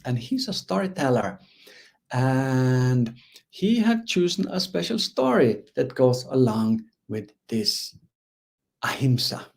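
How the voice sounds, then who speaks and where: Casting: male host, slow and unhurried, relaxed live introductions. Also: mid-range voice, gravelly.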